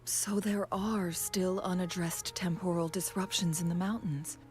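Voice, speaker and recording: A woman voicing a calm, composed advisor figure in a game, measured and quiet, at times close to a whisper. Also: on the low side, soft background music, natural voice. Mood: explaining. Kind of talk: game character dialogue.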